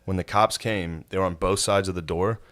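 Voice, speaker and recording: A man's voice: deep voice, fairly even intonation, a little fast, a bit bright. A man co-hosting a podcast in casual chat, telling stories in a dry, laid-back, profane way. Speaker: podcast co-host.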